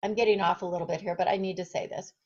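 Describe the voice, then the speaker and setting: Speaking very fast in a steady, lowish voice with a darkish tone, this fitness trainer and nutrition coach gives an impassioned direct-to-camera pep talk. She poses rhetorical questions to her audience, and the audio is dull.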